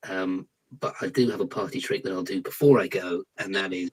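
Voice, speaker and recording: A man's voice: sits low, steady tone, fairly quick, breathy edge, rough recording. A British man chatting on a video call as a guest podcaster, joking and self-deprecating. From Britain. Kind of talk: casual video call chat.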